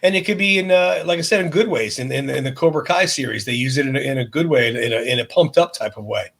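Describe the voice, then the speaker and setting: A man's voice: medium pitch, fast talker, fairly bright tone. A man co-hosting a podcast in casual chat, recounting pop-culture references with amused asides. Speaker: podcast co-host.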